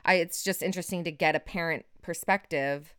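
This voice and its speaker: A woman's voice: on the low side, steady tone, a little fast, fairly bright tone. A woman, a nurse who co-hosts the podcast, asking guests questions in a thoughtful, conversational way.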